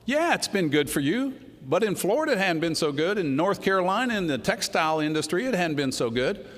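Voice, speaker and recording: A man's voice: high-pitched, sing-song, fairly quick. A man giving a folksy political speech, telling stories and acting out quoted exchanges. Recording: long hall reverb.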